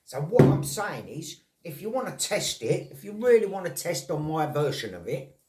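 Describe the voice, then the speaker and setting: Man vlogger, rambling, blunt, sweary, higher pitch, off-mic. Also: big pitch swings, normal speed, darkish tone, slight background noise. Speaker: vlogger on snaring and trapping. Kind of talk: casual chat to camera. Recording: roomy, from a distance.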